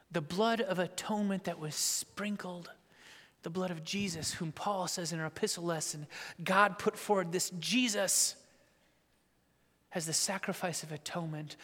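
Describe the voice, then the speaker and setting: A man preaching a sermon with great drama, dropping to hushed whispers and rising to shouts. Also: sits high. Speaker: pastor. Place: church sanctuary. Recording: long church reverb.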